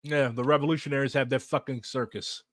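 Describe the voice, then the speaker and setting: A man's voice: medium pitch, steady tone, fast talker, dry recording, studio quality. A man answering viewer questions in casual chat, sarcastic and profane, laughing often.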